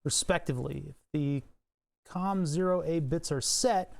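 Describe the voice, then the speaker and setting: A man's voice: fairly high pitch, a little slow, vocal fry. A man livestreaming electronics work, thinking aloud as he reads code and datasheets, swearing and chuckling now and then. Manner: muttering to himself, swearing, chuckling. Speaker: streamer. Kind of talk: livestream electronics and coding commentary.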